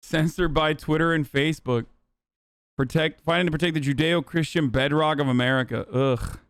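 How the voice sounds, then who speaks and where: A man's voice: on the high side, normal speed, a bit bright, clean tone, no echo, studio quality. A man hosting a political stream, reading headlines aloud with sarcastic, profane reactions. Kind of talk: live stream commentary.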